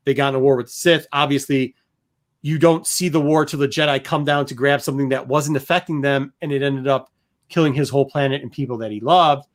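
A man hosting a casual book-review podcast. He talks with emphatic energy, repeats his points to drive them home and tells stories with gusto. His voice sits at a middling male pitch. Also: fairly quick. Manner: animated, emphatic storyteller. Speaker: podcast host.

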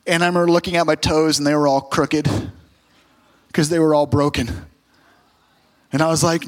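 A man's voice: on the high side, flat delivery, normal speed, long pauses. A male pastor preaching a sermon, telling a story and then rising to emphatic exhortation.

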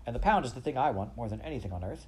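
A man's voice: mid-range voice, expressive, racing, a little mellow, close to an everyday voice. A man voicing an earnest young girl. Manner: careful and earnest.

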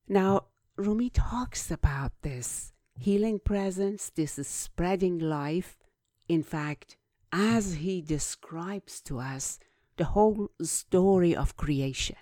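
Low, mellow-voiced woman teaching poetry. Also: no echo, clean studio sound. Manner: measured, gentle delivery that drops to soft whispers. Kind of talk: poetry recitation with spoken commentary.

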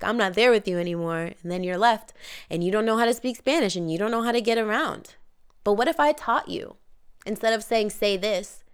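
A woman with a low, gravelly voice delivers a candid motivational talk on her podcast. Her tone is smooth and resonant under the grit. She speaks emphatically and swears casually as she coaches her listeners. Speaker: podcast host and wellness coach. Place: home near the Caribbean.

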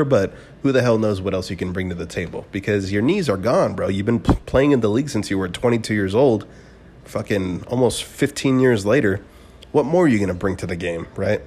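Low-voiced man rambling through a profane story. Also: breathy edge. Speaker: podcast host. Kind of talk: casual solo podcast monologue.

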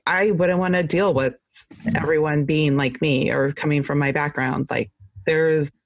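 A podcast co-host in casual chat, speaking in a measured, thoughtful way. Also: medium pitch, steady tone, vocal fry, no echo.

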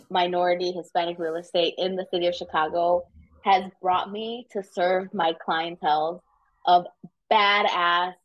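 Woman guest, animated and casual, mid pitch, slightly muffled podcast sound. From United States. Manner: animated storytelling, swears casually. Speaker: realtor guest. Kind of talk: casual interview chat.

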